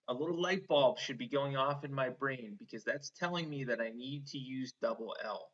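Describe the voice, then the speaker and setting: A man teaching an online phonics lesson to children, slow and encouraging, stretching out each sound. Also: mid-range voice, fairly bright tone. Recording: slightly dull lo-fi online lesson audio.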